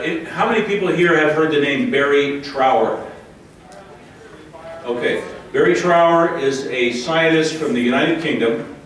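A man's voice: medium pitch, a little hiss or hum. American man, impassioned public speaker, heard distant in a very reverberant hall. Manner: impassioned, addresses the crowd directly. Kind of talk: public talk to an audience. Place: large hall with live audience. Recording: very echoey hall, voice from far off.

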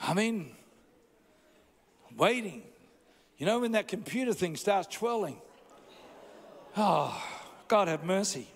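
A woman's voice: medium pitch, animated, slow pace, long pauses. An older woman preaching a sermon, joking with the congregation before turning emphatic. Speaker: pastor. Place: church auditorium. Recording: long reverb in a large church.

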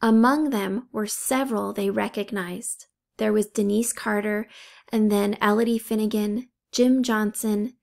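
A woman reading a children's novel aloud in a calm, measured way. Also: medium pitch, gravelly. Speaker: audiobook reader. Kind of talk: storybook narration.

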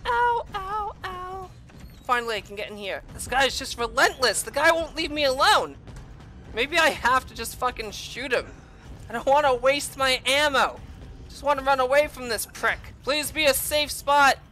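Excitable, profane woman gaming. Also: high-pitched, moderate pace, faint music behind. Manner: excitable, profane, swings between groans and shrieks. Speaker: game streamer. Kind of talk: let's play commentary.

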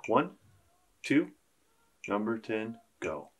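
A man's voice: lowish voice, very animated, drawn-out words, heavy background noise. A man teaching a beginner percussion lesson, counting beats aloud and joking with his students. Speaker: school band teacher.

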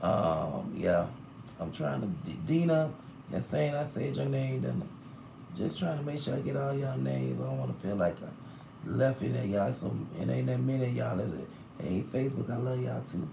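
A man chats on a phone live stream from a hospital room. He sounds tired, with a gravelly edge to his voice. He vents and complains freely while a faint hiss sits under the recording. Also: mid-range voice, expressive, moderate pace. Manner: chatty, vents and complains loudly about hospital bills. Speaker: livestreamer reading comments. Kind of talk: casual live stream chat.

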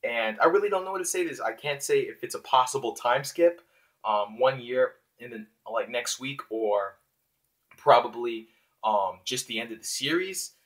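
Excitable male manga reviewer, casual and rambling, talking to his viewers. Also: mid-range voice, moderate pace. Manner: excitable, lots of fillers and restarts.

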